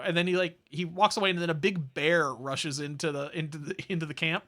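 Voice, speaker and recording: A man rambling through a movie plot in a casual podcast, stacking up fillers and restarts. His voice is bright and a little high, and he keeps it chatty. He tells the recap at length. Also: steady tone, fairly quick. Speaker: podcast co-host. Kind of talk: casual chat.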